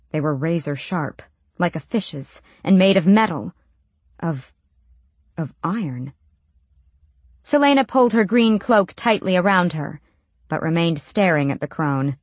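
A woman narrates a fantasy novel in a lowish voice with steady storytelling. The recording is very dry and close, with no room sound. Her delivery stays even as she reads. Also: unhurried, pauses often, dry recording. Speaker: audiobook narrator. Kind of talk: scripted narration.

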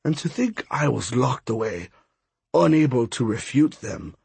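A man voicing a smug, menacing male god of death, talking in a silky, mocking, pompous way, lower and softer than his reading voice. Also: sing-song, unhurried, vocal fry, breathy edge, dry recording, heavily acted.

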